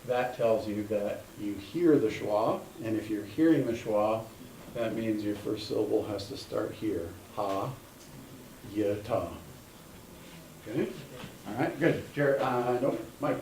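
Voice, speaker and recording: A man's voice: on the low side, slow pace, a little mellow, recorded from a distance. A male teacher in a classroom, patiently explaining step by step and calling on students. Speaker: Hebrew teacher. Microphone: room mic from a distance. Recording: echoey classroom, recorded from afar, faint hum.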